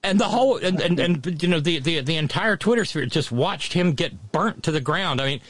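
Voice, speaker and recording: A man's voice: fairly high pitch, animated, moderate pace, a bit bright, no room sound. A man telling stories in a casual political chat, wry and mocking.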